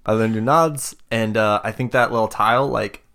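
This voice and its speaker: A man's voice: fairly low pitch, moderate pace, fairly bright tone. A man narrating as game master, hesitant and full of fillers.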